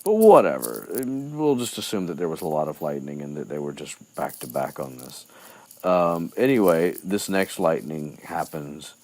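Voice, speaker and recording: A man's voice: rumbling low, expressive, moderate pace, darkish tone. A man recapping a book chapter in loose, rambling chat, with lots of fillers and restarts. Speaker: podcast host.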